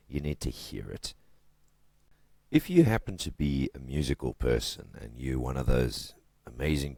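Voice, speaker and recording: A man with an extremely deep voice gives a casual literature lesson. He chats and jokes his way through it and punches the stressed syllables. The sound is close and dry, with no room echo. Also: gravelly, a little mellow. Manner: chatty and joking, with emphatic stresses. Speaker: literature teacher.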